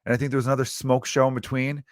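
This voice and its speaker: A male comedian and podcast host from the Chicago area, riffing through a crude, rambling comedic monologue with quick asides. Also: mid-range voice, level tone, dry recording, clean studio sound. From Chicago area, United States.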